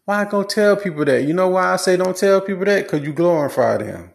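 Man, blunt advice monologue, preachy, repetitive, animated intonation. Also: high-pitched, a little fast, creaky. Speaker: commentator giving relationship advice. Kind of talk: casual monologue.

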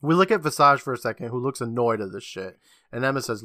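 A man's voice: mid-range voice, lively intonation, fast talker, bright, forceful tone, no room sound, clean studio sound. A man co-hosting a podcast, recapping an episode in a casual, joking storytelling manner with casual swearing. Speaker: podcast co-host.

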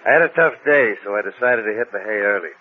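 An actor playing a cold, threatening gangster boss in a 1940s radio drama. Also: male voice, fairly low pitch, lively intonation, fast talker. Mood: menacing. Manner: smooth, threatening. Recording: tinny old radio broadcast with faint hiss.

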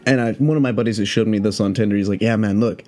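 Male podcast host, low mellow voice, loose profane rambling chat, faint music behind. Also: very fast. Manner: rambling, profane, heavy on "like" fillers. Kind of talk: casual solo podcast chat.

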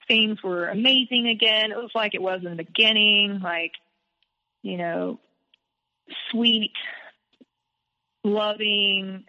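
A woman's voice: medium pitch, big-room sound, dull audio. A woman guest on a podcast, telling a personal story candidly and animatedly, with frequent filler words.

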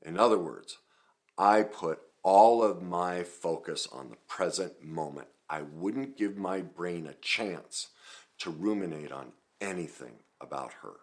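A man's voice: low-pitched, a little slow. A middle-aged man, a self-help coach, talking earnestly and emphatically in a video, sharing his own story.

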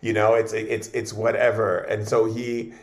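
A man's voice: lowish voice, flat delivery, unhurried, echoey room. A man speaking as a shaman guest in an interview, telling stories casually and often repeating or restarting his words.

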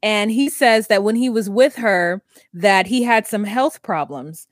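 A woman's voice: mid-range voice, measured pace, dry recording, clean studio sound. A woman co-hosting a casual podcast recapping a reality TV show, rambling with lots of fillers and wandering tangents. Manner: rambling, filler-heavy, worried musing. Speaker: podcast co-host.

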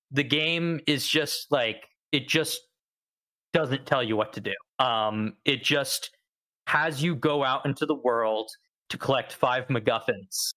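Bright-voiced young man hosting a podcast. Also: mid-range voice, rough recording. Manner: animated storyteller who acts out quotes. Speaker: podcast host. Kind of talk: casual podcast chat.

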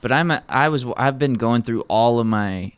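A man's voice: mid-range voice, expressive, normal speed, clear, resonant tone. A man who co-hosts a podcast and does comedy, talking loosely and casually with some swearing.

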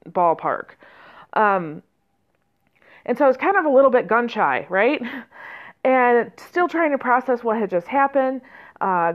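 A woman trainer telling a personal story in a conversational way, with fillers and restarts and lively quoted speech. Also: fairly high pitch, muffled recording. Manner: conversational, many fillers and restarts, animated quoting.

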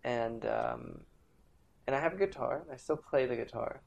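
A man's voice: mid-range voice, huge pitch swings, moderate pace, gravelly. A man who is a musician, chatting on a podcast and telling loose, rambling stories. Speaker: guest musician. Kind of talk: casual podcast chat.

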